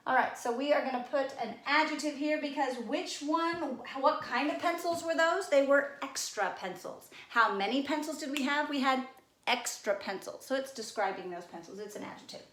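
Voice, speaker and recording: At a normal speed, a woman with a slightly high, fairly bright voice plays guessing games about everyday objects to teach children spelling. She's patient and playful, and the echoey room carries a little background noise.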